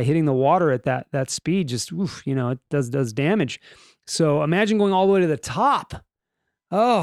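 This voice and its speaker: A man's voice: fairly high pitch, darkish tone, no room sound, studio quality. Jokey rambling male podcast host. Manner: rambling and joking, with restarts and mock voices. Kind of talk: casual news podcast chat.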